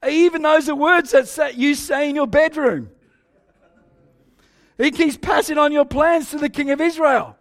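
An older man preaching a sermon, telling a story animatedly with soft asides and loud exclaims. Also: very high-pitched, expressive, moderate pace.

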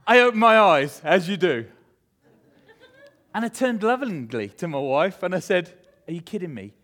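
A man preaching a sermon, reading scripture and telling a self-mocking story with animated humor. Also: sits high, normal speed. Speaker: pastor.

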